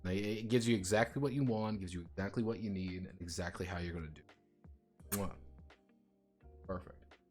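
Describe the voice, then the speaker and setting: A man's voice: deep voice, a little fast, a little mellow, faint music behind. A man streaming live, chatting casually and ranting with lots of swearing and jokes. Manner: profane, ranting, jokey.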